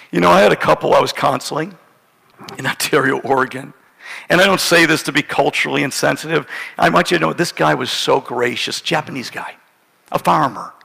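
A middle-aged man preaching a storytelling sermon, animated and self-mocking, often laughing through his story. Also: on the high side, gravelly, breathy edge. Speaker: pastor. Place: church sanctuary. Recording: church hall with long reverb.

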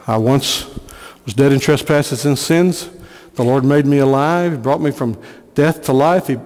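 A man's voice: on the high side, darkish tone, in a large hall. A man preaching a sermon as pastor, earnest, repeating phrases for emphasis. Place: church sanctuary.

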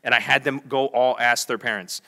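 A young adult man preaching a lively sermon, telling a story with big energy and acting out the voices in quotes. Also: medium pitch, fairly quick. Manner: animated, acts out voices in quotes. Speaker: pastor.

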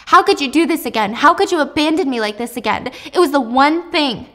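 A heartbroken grown daughter accusing her mother, read out by a woman. Her voice is raised and emotional, with a fairly high pitch. It stays close to the reader's everyday voice. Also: fast talker, big-room sound. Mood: anguished.

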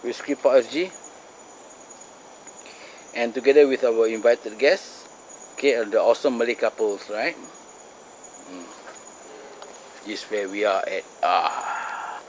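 A Singaporean man chats his way through a night-time ghost-hunting vlog outdoors, mixing Malay phrases into his English. He sometimes drops his voice to a hush. Faint crickets and insects buzz behind him. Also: mid-range voice, slight background noise. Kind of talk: casual solo vlog narration.

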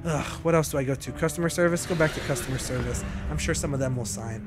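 A man's voice: fairly high pitch, fast talker, music in the background. A young man streaming a game, joking and putting on voices for its characters. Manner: animated, jokey, puts on voices for game characters. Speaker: gaming streamer. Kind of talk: playing a game, voicing its characters.

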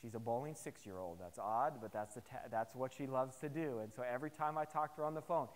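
A man preaching a sermon to his congregation, telling personal stories in an animated, humorous way. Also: mid-range voice, fast talker, hardly any pauses, in a large hall. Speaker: pastor. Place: chapel service.

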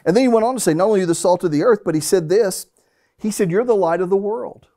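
Man, middle-aged, pastor, sermon, high voice, warm tone, animated storytelling. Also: fast. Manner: storytelling, animated, acts out family scenes.

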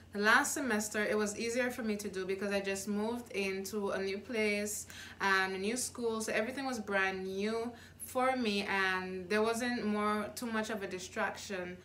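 A woman's voice: mid-range voice, a bit bright, slight background noise. A young adult woman talking straight to viewers in a casual motivational vlog, earnest and encouraging, often restarting her sentences. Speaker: YouTube vlogger.

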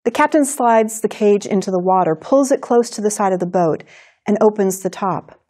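A woman teaching writing in a recorded lecture, explaining in a clear, measured way. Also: mid-range voice, warm tone. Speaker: writing instructor.

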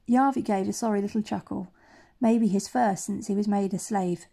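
A woman's voice: mid-range voice, fairly even intonation, normal speed, vocal fry, dark tone. A woman reading a novel aloud, with small slips and self-corrections. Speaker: audiobook reader. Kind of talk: amateur audiobook narration.

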